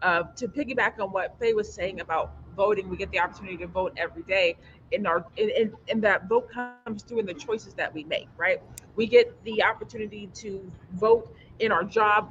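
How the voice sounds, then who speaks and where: A man's voice: high voice, a bit bright, highs cut off, a little hiss or hum. A man hosting a livestream panel discussion, earnest and stumbling over his words, with a slight lisp from teeth aligners.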